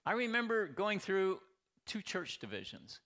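A man's voice: high voice, big pitch swings, a little slow, sharp tone. A man preaching a sermon as pastor, talking to his congregation with rhetorical questions and emphatic repetition.

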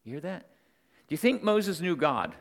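A man's voice: fairly high pitch, very animated, normal speed, gravelly. A man preaching a Sunday morning sermon as pastor, talking conversationally, telling stories and checking in with his listeners. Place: church sanctuary. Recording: long reverb of a church hall.

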